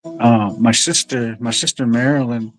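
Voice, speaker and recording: A man's voice: mid-range voice, fairly even intonation, measured pace. A man telling a long story to his viewers in a rambling, profane way, often calling out to them as "you guys.". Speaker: livestream host.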